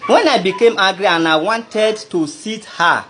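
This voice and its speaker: Slightly slow and sharp-toned, this man's voice sits high as he speaks in a Nigerian Pidgin English accent. The vlogger tells an aggrieved personal story to camera, indignant and rambling, talking right at the listener, with slight background noise in the recording.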